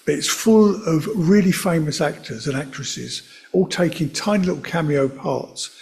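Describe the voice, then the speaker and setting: A man giving a sermon in a gentle, conversational way, with chatty asides to his listeners. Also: a little high, gravelly. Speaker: preacher.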